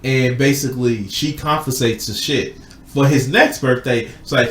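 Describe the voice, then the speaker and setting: A man's voice: medium pitch, moderate pace, echoey room. A man hosting a casual podcast chat, retelling a film plot with lots of swearing and acted-out quotes. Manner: animated, swearing, acts out quotes. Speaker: podcast host.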